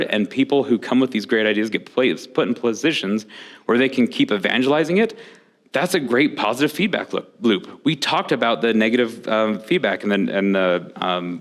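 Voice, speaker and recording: A man giving a conference talk in a candid storytelling way, acting out the people he quotes. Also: medium pitch. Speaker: conference speaker.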